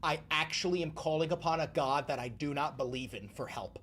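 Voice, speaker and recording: A man hosting a political reaction stream, exasperated and sarcastic, swinging from low mutters to loud yells. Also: fairly quick, few pauses, a little hiss or hum. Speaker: political commentary host. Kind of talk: live stream reaction commentary.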